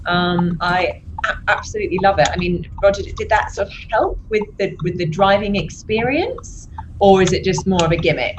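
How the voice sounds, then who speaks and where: A woman's voice: mid-range voice, normal speed, noisy background. Chatty woman co-host in an echoey room. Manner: lively, chatty, laughs easily. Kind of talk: live online interview chat.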